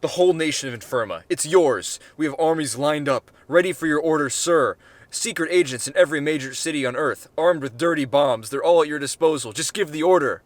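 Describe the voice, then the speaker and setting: A man voicing a calm, formal male ambassador who speaks in a measured way. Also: mid-range voice, no room sound, lightly acted. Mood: urgent pleading. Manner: formal and measured, growing fearful.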